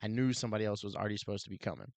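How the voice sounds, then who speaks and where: A man with a fairly low voice tells a story on a podcast in a loose, animated way. He keeps saying "like" and "dude" and acts out what people said. The sound is dry and close. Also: rapid-fire, vocal fry, dry recording. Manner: animated, heavy use of "like" and "dude", acts out quotes. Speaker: podcast co-host, police officer. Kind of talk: casual storytelling chat.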